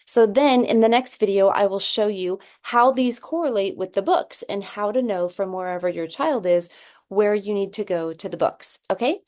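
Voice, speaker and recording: A woman's voice: medium pitch, normal speed, a little mellow. A woman teaching reading, explaining a phonics assessment and sounding out example words one by one, often checking in with "okay?".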